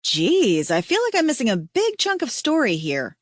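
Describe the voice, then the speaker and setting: A woman's voice: moderate pace, no room sound, studio quality. A woman doing a bubbly, slangy young huntress. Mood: excited. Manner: excited, slangy, high-spirited.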